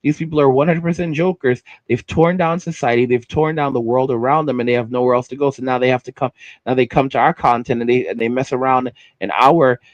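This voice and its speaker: A man's voice: mid-range voice, steady tone, a little fast, dry recording, highs cut off. A man hosting a livestream, ranting heatedly and repeating himself as he stumbles over words. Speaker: livestream host.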